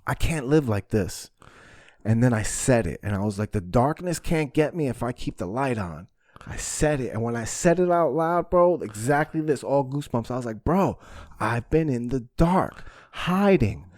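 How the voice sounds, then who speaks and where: A man hosting a podcast, telling a story in casual chat with lots of swearing and animated energy. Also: medium pitch, normal speed, no room sound, studio quality. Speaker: podcast host.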